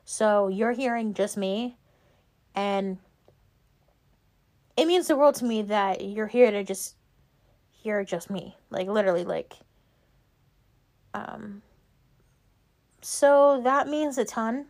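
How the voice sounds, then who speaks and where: A woman's voice: mid-range voice, slow, pauses often, a little mellow. A young woman hosting a casual solo podcast, rambling with lots of "like" and "um" fillers. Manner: rambling, filler-heavy, frequent "like" and "um". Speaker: podcast host.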